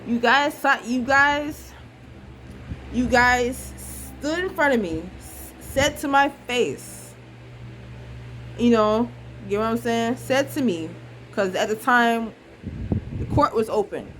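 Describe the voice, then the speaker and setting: A woman's voice: on the high side, takes it slowly, long pauses, fairly bright tone, slight background noise, poor audio. Frustrated young mother venting bluntly. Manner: frustrated, repetitive, blunt, swears freely. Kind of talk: emotional casual monologue.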